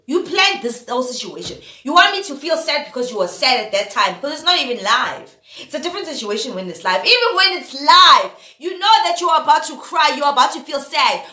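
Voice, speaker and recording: A woman's voice: high voice, bright, forceful tone, echoey room. A woman vlogging an opinion rant to camera, exasperated and firing off repeated rhetorical questions. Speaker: vlogger host.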